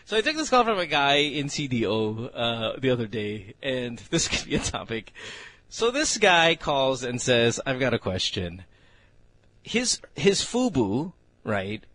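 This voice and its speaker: A man's voice: mid-range voice, sing-song, a little slow, fairly bright tone, a little hiss or hum. A man with a Filipino accent hosting a morning radio show, telling stories with frequent laughs. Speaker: radio host. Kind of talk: casual morning radio banter.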